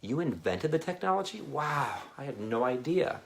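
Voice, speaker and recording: A man's voice: mid-range voice, big pitch swings, moderate pace, vocal fry. A man chatting casually and rambling to viewers on a live video, often laughing between thoughts. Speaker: Christian ministry speaker.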